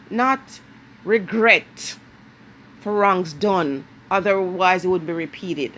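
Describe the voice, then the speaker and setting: Her voice sits on the low side and is a bit bright, with a little hiss or hum in the audio. A Jamaican woman vlogging to camera, she lectures emphatically and leans heavily on drawn-out key words.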